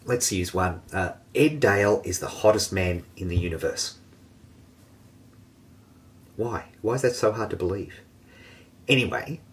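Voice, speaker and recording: Lively, low-voiced man teaching. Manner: energetic, jokey and self-mocking. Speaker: online marketing course host. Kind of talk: teaching video lesson.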